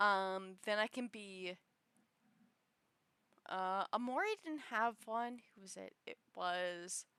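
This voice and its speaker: A woman's voice: medium pitch, takes it slowly, pushed and bright, smooth, no echo. A young woman streaming, chatting casually with lots of giggles and fillers. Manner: giggly, filler-heavy rambling. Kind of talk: casual chat on a livestream.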